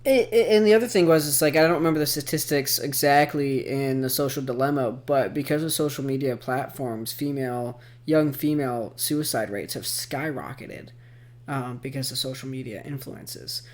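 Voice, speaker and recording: A man co-hosting a podcast, jumping into the casual chat with quick points. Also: mid-range voice. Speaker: podcast co-host.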